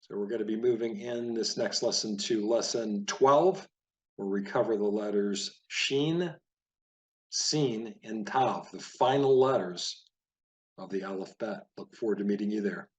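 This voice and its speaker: A man teaching Biblical Hebrew, reading practice words out one by one and explaining in relaxed asides. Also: lowish voice. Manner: slow, deliberate word-by-word reading.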